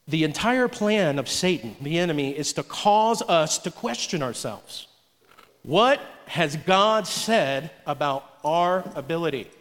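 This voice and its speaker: Male pastor, high voice, preaching with call-and-response in a reverberant church. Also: a bit bright. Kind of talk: sermon. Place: church sanctuary. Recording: long hall reverb.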